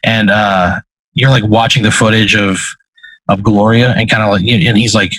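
A man's voice: lowish voice, steady tone, moderate pace, a bit bright, dry recording, low-quality recording. A man narrating a tabletop role-play as game master, talking casually and profanely in rambling sentences.

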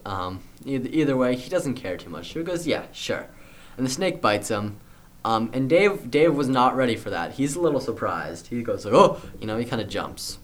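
A man's voice: mid-range voice, expressive, brisk. Young man rambling through a story. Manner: rambling with fillers and restarts. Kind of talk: casual improvised storytelling.

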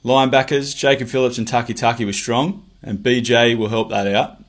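A man's voice: mid-range voice, fairly even intonation, brisk. A man with an Australian accent, president of a fan club, sending an enthusiastic recorded message. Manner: enthusiastic, colloquial.

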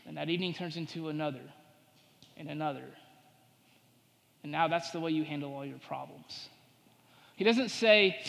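A man preaching a sermon to his congregation. He builds to emphatic points and drops to hushed tones when voicing temptations. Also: sits high, normal speed, vocal fry, pauses often, in a large hall. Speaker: pastor.

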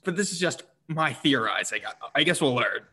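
A man's voice: a little high, lively intonation, a little fast, sharp tone. A man in casual comedic banter, joking and teasing his friend about a script. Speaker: co-host reacting to a script.

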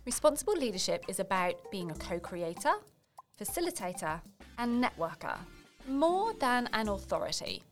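A woman host reading a scripted narration between clips, in a measured, reflective delivery. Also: mid-range voice.

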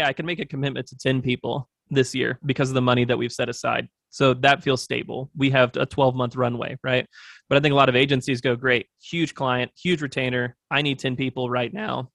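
Creaky and a bit bright, this medium-pitched male voice comes through in clean studio sound with no room echo. The speaker, an agency owner appearing as a podcast guest, rambles thoughtfully about business plans with plenty of fillers in a relaxed interview setting.

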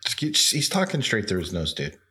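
A man's voice: lowish voice, wildly swooping pitch, brisk, pushed and bright. A man joking around theatrically while playing a trivia game on a podcast. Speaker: podcast co-host, quiz player. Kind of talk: casual podcast banter.

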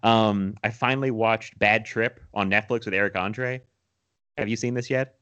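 Low-voiced man in rambling movie chat. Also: steady tone, normal speed, a bit bright, clean tone, dull audio. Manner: laughs often, rambling with restarts. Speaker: podcast co-host.

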